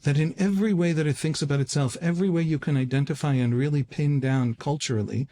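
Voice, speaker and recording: A man's voice: fairly high pitch, quick pace, mellow. A middle-aged man hosting a podcast, explaining in a thinking-aloud conversational way with wry asides. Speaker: podcast host answering questions.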